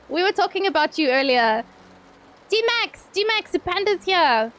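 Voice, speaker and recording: High-voiced, playful woman streamer. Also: expressive, takes it slowly, a bit bright. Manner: playful, chatty, swears freely, laughs often. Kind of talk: casual live-stream chat with viewers.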